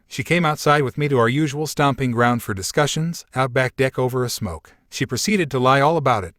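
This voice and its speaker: A man reading online posts aloud as scripted narration, in a steady, even delivery. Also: mid-range voice, dry recording, clean studio sound. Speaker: story narrator.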